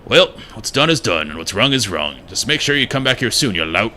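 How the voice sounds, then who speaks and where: A man voicing a gruff, grumpy male bug shrine keeper who scolds loudly in a game. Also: on the low side, sing-song, fairly quick, a little hiss or hum. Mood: grumbling. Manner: loud scolding, calls people louts.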